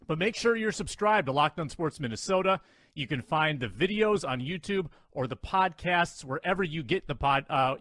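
A man hosting a sports podcast, a little out of breath, upbeat and joking. His voice sits slightly high for a man. The sound is dry and close to the mic. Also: fairly bright tone, no echo. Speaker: podcast host.

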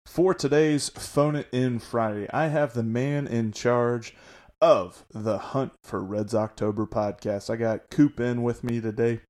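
A man's voice: medium pitch, fairly even intonation, measured pace, a little mellow. A man hosting a sports podcast, talking casually and venting frustration with frequent restarts. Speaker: podcast host.

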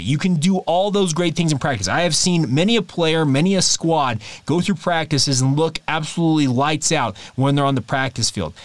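A man's voice: fairly high pitch, no room sound. Emphatic man hosting a sports podcast. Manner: emphatic, bullish, repeats key words for stress. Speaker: podcast host. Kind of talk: solo sports podcast commentary.

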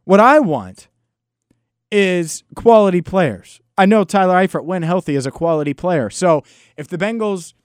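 A man's voice: on the high side, no echo, clean studio sound. A man hosting a solo sports podcast, talking in an emphatic, frustrated and sarcastic way. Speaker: podcast host.

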